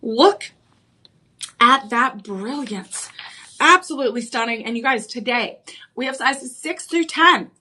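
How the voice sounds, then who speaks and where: A woman hosting a live home shopping show, pitching a ring with enthusiasm and repeating the key selling points. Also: animated, a little slow, sharp tone.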